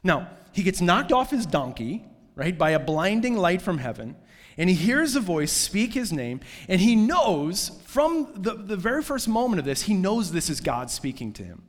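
A man preaching in a relaxed, chatty style, his voice sitting a little higher than most men's. He keeps throwing in asides and fillers. His words ring with a long reverb, as if he is standing in a large hall. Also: moderate pace. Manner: casual, conversational preaching with many fillers and asides. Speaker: pastor. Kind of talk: sermon.

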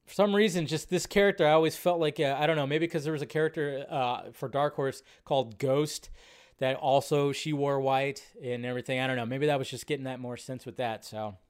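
A man hosting a livestream, chatting casually and rambling through his reactions with animated outbursts. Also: mid-range voice, fairly quick, smooth. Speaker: livestream host.

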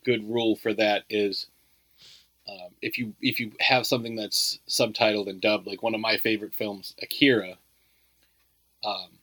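A man's voice: fairly low pitch, sharp tone, no room sound, rough recording. A man co-hosting a casual movie review podcast, talking in a loose, rambling way full of "like" and "you know.". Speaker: podcast co-host.

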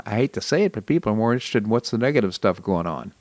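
A man's voice: on the low side, expressive, very fast, a little mellow, no room sound. A man hosting a talk show, chatting casually about politics and memories, with frequent chuckles. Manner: conversational, chuckles often. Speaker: radio show host.

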